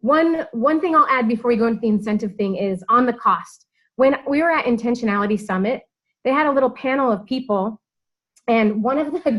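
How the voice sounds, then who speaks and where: Uma mulher que lidera uma reunião de equipe de coaches, falando de forma descontraída e animada, rindo com frequência. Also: female voice, on the high side, a bit bright, rough recording. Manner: chatty and upbeat, laughs often. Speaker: team leader hosting a coaches' call. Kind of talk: casual team meeting talk.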